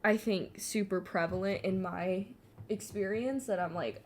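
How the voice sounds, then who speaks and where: A woman's voice: mid-range voice, fairly even intonation, measured pace, a little mellow, a little hiss or hum. A young adult woman chatting casually while she paints, rambling with lots of fillers and swearing freely. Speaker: artist and vlogger.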